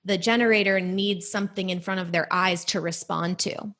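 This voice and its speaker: A woman's voice: on the low side, steady tone, moderate pace, a bit bright. A woman who reads Human Design charts, explaining them patiently in a podcast interview, with filler words.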